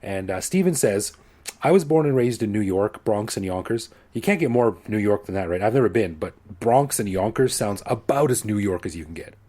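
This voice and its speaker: A Canadian man in his forties co-hosting a podcast, talking in a relaxed, self-deprecating way. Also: on the low side, a little fast. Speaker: podcast co-host. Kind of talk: casual chat.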